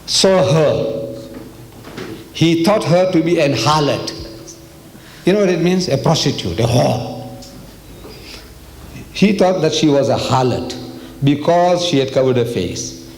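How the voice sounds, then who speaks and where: An older man from South Africa giving a religious lecture to an audience, animated and rhetorical, often putting questions to the listeners. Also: medium pitch, a little hiss or hum. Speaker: Islamic lecturer.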